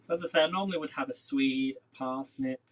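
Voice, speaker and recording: A man's voice: medium pitch, fast talker, slight background noise, poor audio. A man hosting a casual live cooking demo in his home kitchen, rambling and chatting to viewers as he works. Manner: chatty, rambling, talks to viewers while working. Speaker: cooking livestream host.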